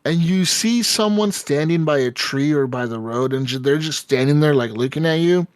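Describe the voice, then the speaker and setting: Man, podcast co-host, casual chat, animated storyteller, frequent swearing, fairly high voice, dry sound. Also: normal speed, smooth, no echo.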